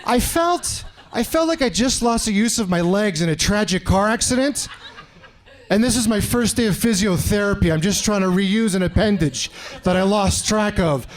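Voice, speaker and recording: A man's voice: high voice, lively intonation, moderate pace. A man in his forties from Canada doing a stand-up set on a club stage, telling stories animatedly and acting out other people's voices. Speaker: stand-up comedian. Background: audience laughter.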